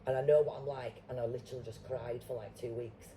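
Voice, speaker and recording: A middle-aged Yorkshire woman chatting as a guest, blunt and salty-tongued. Her voice is very dark and mellow, and a faint hiss sits under the recording. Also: rumbling low, fairly even intonation, fast talker, low-quality recording. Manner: blunt, swearing, storytelling. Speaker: guest actor. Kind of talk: casual chat.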